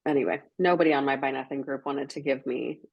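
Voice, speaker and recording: A woman's voice: rumbling low, steady tone, fast, creaky, breathy edge, highs cut off. A woman podcast host, chatting casually with many fillers and frequent laughs. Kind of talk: casual chat.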